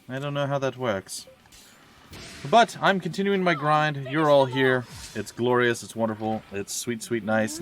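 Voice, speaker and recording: A medium-pitched, fairly bright male voice belongs to a let's play streamer at home, rambling jokingly as he plays. His talk is chatty and self-deprecating, full of wandering side stories.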